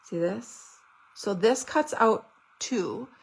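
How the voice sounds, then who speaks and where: A woman's voice: on the high side, expressive, slow pace, vocal fry, a little hiss or hum, low-quality recording. A woman showing off craft products in a casual unboxing video, gushing and chatty. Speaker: stamping demonstrator.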